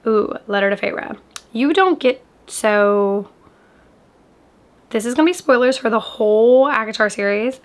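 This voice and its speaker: Woman chatting about books on her channel, kinda high voice, lots of "like"s, lively. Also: unhurried. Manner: chatty, animated, frequent "like" fillers. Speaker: book vlogger. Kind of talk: casual reaction chat.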